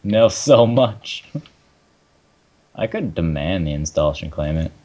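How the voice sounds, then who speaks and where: A man's voice: low-pitched, lively intonation, measured pace, mellow. A young man, hosting a let's play in casual, joking chat, swearing and laughing often. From Canada. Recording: dull lo-fi mic.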